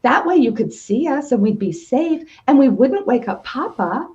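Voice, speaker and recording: A woman's voice: high voice, sing-song, moderate pace, darkish tone. A woman voicing an eager, earnest young brother mouse in a told children's story, over lo-fi call audio. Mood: pleading.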